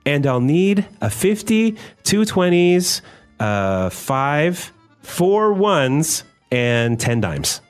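Man, language lesson host, from North America, animated, quick to laugh. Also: on the high side, clear, resonant tone, soft background music. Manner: laughs often, asks leading questions. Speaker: podcast host.

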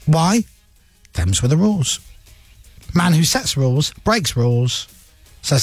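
A man's voice: high-pitched, lively intonation, brisk, vocal fry, pauses often, husky, no room sound, soft background music. A man hosting a radio talk show, giving his blunt opinions and mocking a politician. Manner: mocking, does voices of politicians. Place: radio studio.

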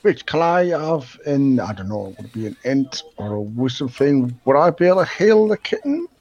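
A man's voice: medium pitch, very animated, moderate pace, darkish tone. Guy cracking crude jokes in a tabletop game, muffled lo-fi audio. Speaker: player. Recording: dull lo-fi sound.

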